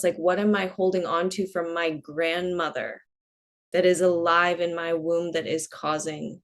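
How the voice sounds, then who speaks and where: A woman speaking as a podcast guest in a reflective conversation, unhurried and earnest, often using "like" as a filler. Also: on the low side. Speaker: podcast guest, holistic coach.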